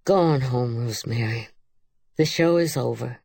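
A woman's voice: rumbling low, moderate pace, vocal fry, husky, dry recording, studio quality, full character voice. A woman reading as a stern, fierce mother. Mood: gentle. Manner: sharp scolding, softening to gentle.

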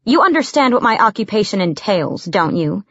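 A woman voicing a defiant, sharp-tongued young woman assassin. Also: medium pitch, very animated, moderate pace, breathy edge, dry recording, highs cut off.

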